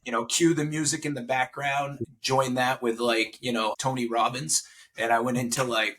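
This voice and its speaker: A man's voice: mid-range voice, little pitch movement, normal speed, fairly bright tone. A man in his forties, a podcast guest, telling a personal story in casual conversation and getting emotional. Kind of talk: casual interview chat.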